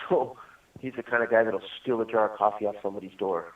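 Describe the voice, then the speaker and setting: A man's voice: lowish voice, fairly even intonation, a little fast. A man in prison telling rambling stories in casual chat on a call, laughing often. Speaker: incarcerated caller. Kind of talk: casual storytelling over a phone call. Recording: distant, tinny phone line.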